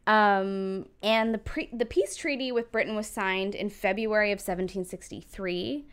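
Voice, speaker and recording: A woman's voice: medium pitch, normal speed, a bit bright, smooth. A woman casually telling a history story on a podcast, laughing often and swearing freely.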